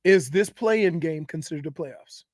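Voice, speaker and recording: A man's voice: on the high side, expressive, moderate pace, darkish tone, no room sound, studio quality. A man co-hosting a sports radio show, arguing his point and pressing his partner to clarify.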